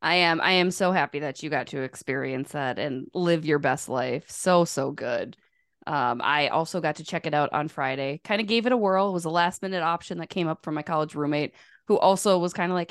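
A woman in her thirties hosting a casual sports podcast, chatty and quick to laugh. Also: sits low, clean tone, no room sound, studio quality. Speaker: podcast host and sports writer.

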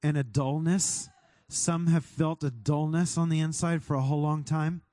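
High-voiced man in fervent prayer. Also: fairly even intonation, normal speed, dry recording, studio quality. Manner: fervent praying, rising to shouts. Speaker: pastor. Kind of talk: sermon prayer.

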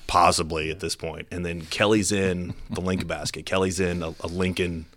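A middle-aged man, a police officer telling an animated, self-deprecating story to an audience in a casual way. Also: low voice, normal speed.

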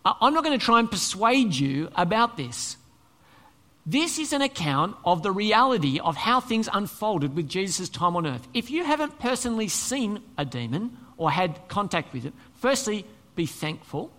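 A male pastor preaching a sermon, conversational and animated, asking the congregation rhetorical questions. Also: high-pitched, moderate pace, long reverb tail. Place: church hall.

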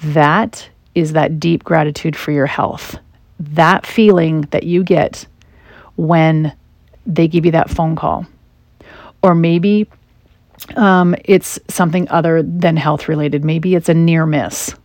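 A woman with a fairly low voice gives a motivational talk in a chatty, direct way. She often drops into lively acted-out asides. The sound is close and dry. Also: slow, dry recording. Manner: conversational, with animated quoted asides. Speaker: self-help speaker.

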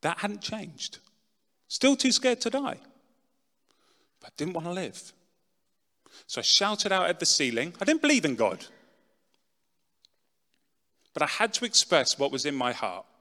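A middle-aged man giving a dramatic personal testimony talk, swinging from loud, pushed lines to hushed ones. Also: high voice, sing-song, measured pace, long pauses. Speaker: speaker telling his testimony. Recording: long reverb in a large hall.

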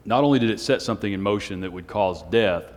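A man preaching a Sunday night sermon, speaking in a self-described monotone with joking asides to the congregation. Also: fairly low pitch, quick pace. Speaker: pastor. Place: church hall on a Sunday night. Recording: long hall reverb.

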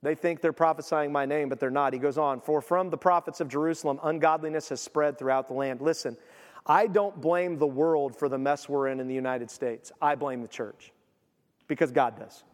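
A man preaching a sermon, emphatic, swinging from quiet to loud. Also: fairly high pitch, normal speed, long reverb tail. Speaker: pastor.

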